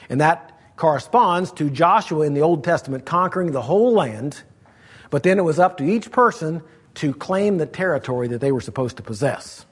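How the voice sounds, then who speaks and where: A man delivering an expository sermon, walking his listeners through scripture verse by verse. His voice sits a little high and has a husky, slightly rough edge. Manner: reads scripture aloud, then explains verse by verse. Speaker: preacher.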